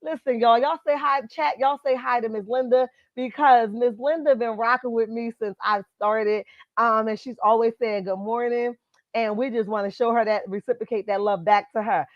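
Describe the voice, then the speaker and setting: A sassy woman hosts a live stream, talking gossip straight to her viewers. Her voice sits a little high, and the sound is dry and slightly dull, as if from a basic computer mic with no room around it. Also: fairly even intonation, normal speed, dry recording. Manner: sassy, emphatic, talks straight to viewers and chat. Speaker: live-stream host commenting on celebrity gossip. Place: at her workplace, indoors.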